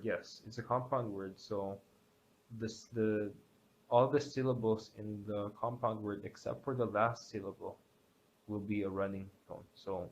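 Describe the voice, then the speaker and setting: A man teaching a grammar lesson, explaining step by step with many pauses and restarts. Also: lowish voice. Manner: hesitant, many fillers and restarts. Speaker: language teacher. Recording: dull lo-fi sound with faint background hiss.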